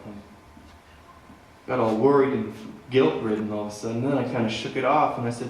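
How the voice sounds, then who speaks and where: A man from Manitoba telling a story between songs at a live concert, with laid-back, deadpan humor. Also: mid-range voice, a little fast, a little hiss or hum. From Manitoba, Canada. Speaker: singer-songwriter. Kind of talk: stage banter storytelling at a concert. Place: theater stage, live. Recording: echoey theater from far off with faint guitar.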